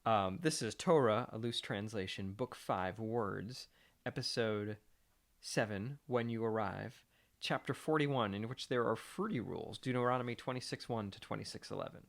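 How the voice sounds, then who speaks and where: A man's voice: on the low side, normal speed, creaky. Dry-joking male podcast host. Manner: dry, jokey asides. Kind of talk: casual podcast chat and introductions.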